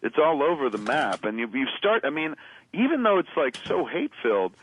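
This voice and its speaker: A man's voice: a little high, sing-song, a little fast, fairly bright tone, no room sound, poor audio. A man co-hosting a talk radio show, riffing and mock-quoting in casual banter.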